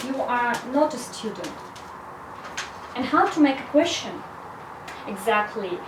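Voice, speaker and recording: A very animated English teacher with a high voice leads a video grammar lesson, explaining slowly and carefully and saying "so" often. A distant mic captures her in an echoey room against a noisy background.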